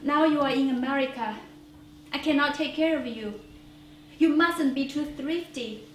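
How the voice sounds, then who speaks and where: A woman's voice: high voice, moderate pace, natural voice. A woman doing a tender, apologetic mother. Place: small theater stage. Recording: roomy theater, distant mic, faint hiss.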